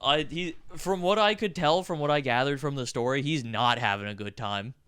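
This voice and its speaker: A man's voice: medium pitch, normal speed, bright, forceful tone, smooth, no echo, clean studio sound. A young man co-hosting a gaming podcast, rambling and laughing as he swears his way through a story. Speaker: podcast co-host. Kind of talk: casual gaming podcast chat.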